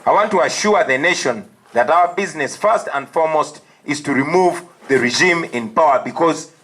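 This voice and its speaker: A man with a Ugandan accent giving a firm, emphatic press statement as an opposition party leader, defiant and deliberate. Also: a little high, a bit bright, breathy edge, low-quality recording.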